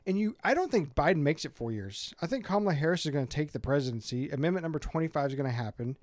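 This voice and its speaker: A man co-hosting a casual podcast chat, telling animated stories and acting out voices. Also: fairly high pitch, very fast, dry recording, clean studio sound. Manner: animated storyteller, acts out voices in anecdotes. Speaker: podcast co-host.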